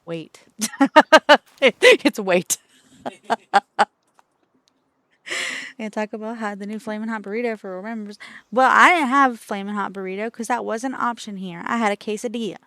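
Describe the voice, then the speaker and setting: Woman streamer, casual chat, teasing, chatty, mid pitch, desk mic. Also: fairly even intonation, fast talker, sharp tone, dry recording. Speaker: VTuber streamer.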